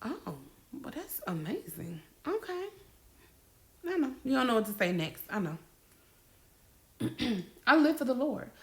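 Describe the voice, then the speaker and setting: A woman's voice: a little high, very animated, measured pace, pauses often, fairly bright tone. A woman giving a casual faith-coaching talk, bold and playful, acting out little dialogues.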